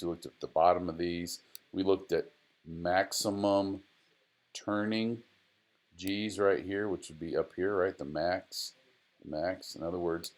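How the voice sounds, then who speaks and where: A middle-aged man, a driving instructor, talks casually through a screen-recorded data tutorial, repeating himself and chatting to his software. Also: deep voice.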